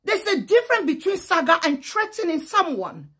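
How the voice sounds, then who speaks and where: A woman's voice: extremely high pitch, very animated, normal speed, fairly bright tone. A woman with a Nigerian Pidgin accent, giving a fiery, emphatic vlog rant that switches between Pidgin and English. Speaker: social media commentator.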